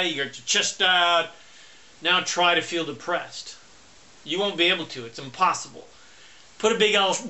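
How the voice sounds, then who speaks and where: A man giving a motivational self-help talk, speaking loud and emphatic and slowing down to stress key points. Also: a little high.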